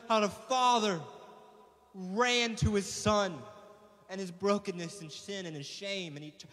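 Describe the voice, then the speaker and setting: A man's voice: very high voice, a bit bright. A man preaching a sermon as pastor, impassioned and building in intensity. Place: church sanctuary. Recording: long reverb of a church hall.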